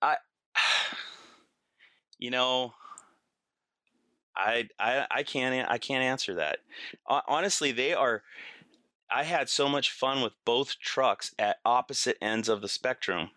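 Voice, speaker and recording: A man's voice: medium pitch, slow, long pauses, pushed and bright, no echo, studio quality. A man guesting on a podcast, telling stories casually, acting out quotes and laughing through them. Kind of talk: casual storytelling.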